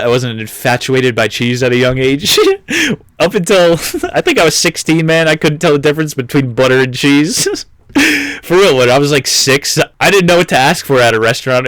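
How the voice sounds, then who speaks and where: A young man in his twenties hosts a casual comedic book commentary. He is irreverent and jokey, swears freely and laughs at his own remarks. His voice sits at an ordinary middle pitch and is recorded close and dry, with no room sound. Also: a bit bright, no echo. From United States. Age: 20s. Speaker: book review host.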